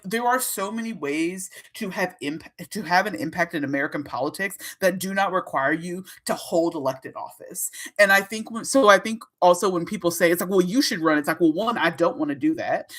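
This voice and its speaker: A woman hosting her own livestream, talking straight to her chat in a casual, animated way, laughing often and swearing freely. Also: fairly low pitch, normal speed. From Minnesota. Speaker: livestream host.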